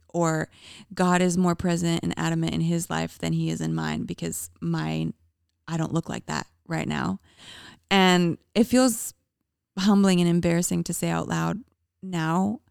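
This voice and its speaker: A woman with a fairly low, gravelly voice co-hosts a relaxed faith conversation. She talks candidly and playfully and laughs easily. The recording is close and dry. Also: no room sound. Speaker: podcast co-host, wife.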